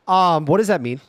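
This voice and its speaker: A man's voice: a little high, no echo, clean studio sound. Upbeat young man hosting a livestream. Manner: upbeat, playful, quick sign-off patter. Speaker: livestream host. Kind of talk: casual livestream chat.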